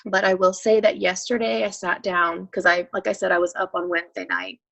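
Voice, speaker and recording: Emotional, halting woman in her thirties. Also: on the low side, lively intonation, vocal fry, a bit bright, poor audio. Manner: raw and emotional, halting, full of restarts. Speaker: coaching client. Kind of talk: emotional live coaching session.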